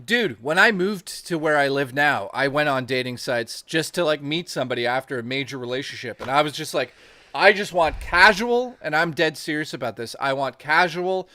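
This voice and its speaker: A man telling crude, animated stories in casual chat as a stream co-host. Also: on the high side, normal speed, no room sound.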